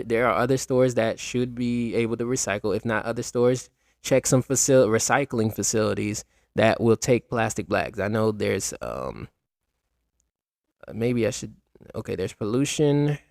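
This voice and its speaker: Podcast host, man, gravelly low-key delivery, dry close mic, rambling casual talk to his listeners. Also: darkish tone, no room sound. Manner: rambling, restarts often, addresses listeners directly.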